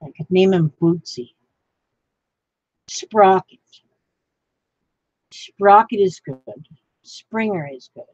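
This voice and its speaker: Slow, musing woman crafting at home. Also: medium pitch, a little mellow, no room sound, dull audio. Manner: rambling, musing over names, chatting to her craft piece. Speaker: crafting vlogger. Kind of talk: casual thinking aloud while crafting.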